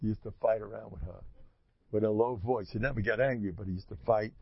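Male lecturer, gravelly, rambling storyteller, muffled lo-fi recording. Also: lowish voice, fast, no echo. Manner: rambling storyteller who acts out dialogue. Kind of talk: informal religious talk to an audience. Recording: muffled lo-fi recording with faint noise.

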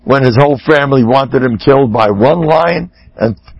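A man giving a joking, animated sermon about counseling, over a muffled radio broadcast. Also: medium pitch, normal speed, no room sound. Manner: animated, joking, acts out quotes.

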